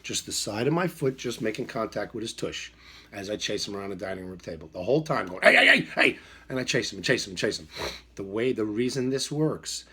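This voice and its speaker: Husky-voiced man telling a story. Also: on the low side, expressive, fairly quick. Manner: emphatic, repetitive, acts out quoted voices. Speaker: dog trainer. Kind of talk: storytelling monologue.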